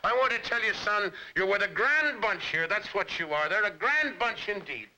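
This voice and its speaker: A man's voice: high-pitched, animated, normal speed, sharp tone, full character voice, low-quality recording. An actor playing a sentimental, jovial old Irish father, speaking with a lilting Irish brogue in a 1960s sitcom. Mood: fond. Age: older. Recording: 1960s TV film print with music.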